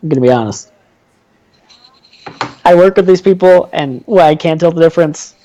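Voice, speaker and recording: A man's voice: on the high side, normal speed, warm tone, highs cut off, slight background noise. A man co-hosting a gaming podcast, talking in an easygoing way and laughing often. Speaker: podcast co-host. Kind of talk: casual chat.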